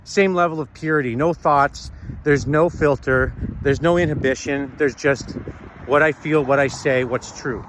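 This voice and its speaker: A man talking earnestly and haltingly to camera while walking outdoors, often pausing to search for words. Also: fairly high pitch, fairly even intonation, background noise. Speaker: vlogger. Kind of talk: reflective personal talk.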